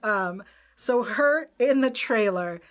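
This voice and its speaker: A woman's voice: fairly high pitch, lively intonation, slow pace. A woman co-hosting a casual TV recap show, recapping plots in long run-on strings and laughing often. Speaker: podcast co-host.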